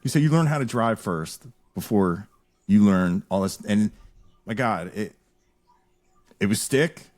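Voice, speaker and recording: A man hosting a casual podcast chat, telling stories in an animated, rambling way with frequent restarts. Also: on the low side, measured pace. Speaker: podcast host.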